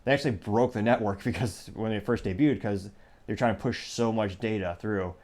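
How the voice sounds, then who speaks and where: On his podcast, this host gives casual commentary on tech news, talking fairly quickly in a low, slightly mellow voice. He's sarcastic and digressive, with plenty of asides, and he often cuts himself off and starts again.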